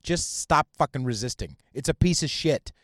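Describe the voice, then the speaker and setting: A man's voice: medium pitch, lively intonation, normal speed, fairly bright tone, no echo, studio quality. A man hosting a podcast, delivering a heated, profane solo rant that mocks its targets and stumbles over restarts. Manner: stammers and restarts mid-sentence. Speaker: podcast host.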